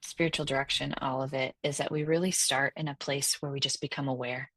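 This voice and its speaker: Deep-voiced playful woman guest, dry sound. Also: fairly even intonation, brisk, fairly bright tone, dry recording. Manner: playful and encouraging. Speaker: guest, life coach and spiritual director. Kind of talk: casual interview chat.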